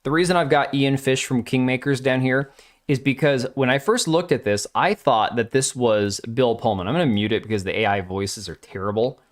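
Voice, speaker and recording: A man's voice: mid-range voice, moderate pace. Blunt, crude male streamer. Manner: blunt, opinionated, crude, talks back to chat. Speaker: live stream host. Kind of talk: casual live stream commentary, reacting to chat.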